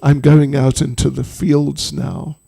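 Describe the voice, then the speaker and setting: A man's voice: a little high, flat delivery, takes it slowly, gravelly, warm tone, slightly rough, exaggerated voice. A man playing a patient, coaxing cowherd father. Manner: patient, reasoning.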